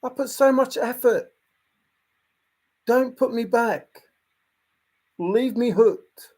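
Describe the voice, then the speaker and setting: A man's voice: very high-pitched, slow, darkish tone, voice pushed up, exaggerated voice. A man voicing a desperate treasure searcher as a hooked fish, begging over and over not to be thrown back. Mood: pleading.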